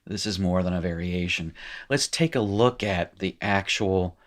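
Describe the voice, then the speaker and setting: This is a man with a fairly low voice giving a casual recorded lesson. He reads passages from a textbook, then comments on them loosely, with frequent restarts and small self-corrections. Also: unhurried. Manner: rambling, self-correcting, joking asides. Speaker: teacher.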